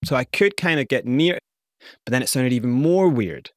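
A man's voice: mid-range voice, lively intonation, normal speed, dry recording, studio quality. A man from Scotland who grew up partly in South Africa, telling his life story candidly and vividly as an interview guest. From Scotland, raised partly in South Africa.

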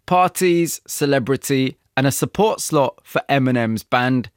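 A man hosts an interview, switching between probing questions and scripted narration that links the story together. His voice sits at an ordinary pitch, recorded dry and close. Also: a little slow, smooth, no room sound.

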